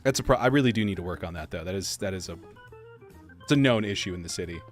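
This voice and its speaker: A man hosting a casual game livestream, greeting viewers by name and answering their chat in a relaxed, joking way. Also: low voice, fast. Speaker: streamer host. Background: soft jazz music.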